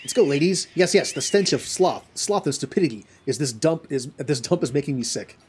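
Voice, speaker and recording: A man's voice: on the high side, animated, fairly quick, darkish tone, soft background music, close to an everyday voice. A man reading as a cruel kobold boss. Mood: scornful. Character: cruel, bullying male kobold overseer.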